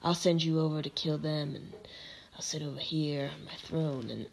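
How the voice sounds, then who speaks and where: Smug raspy queen on her throne, whispered asides, deep and gravelly, put on by a woman. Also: steady tone, normal speed, a little mellow, slight background noise, poor audio.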